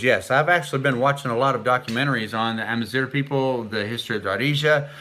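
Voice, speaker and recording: Bright-voiced middle-aged man chatting on a live stream. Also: medium pitch. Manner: chatty, reads viewer comments aloud; sounds out foreign words haltingly. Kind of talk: casual live-stream chat.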